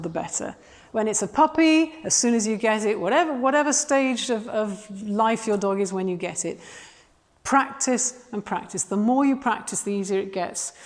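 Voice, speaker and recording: A woman's voice: a little high, in a large hall. A woman dog trainer giving practical, matter-of-fact instruction, filmed outdoors. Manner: practical and matter-of-fact, turns bright and gushing when praising the dog. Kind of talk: instructional video.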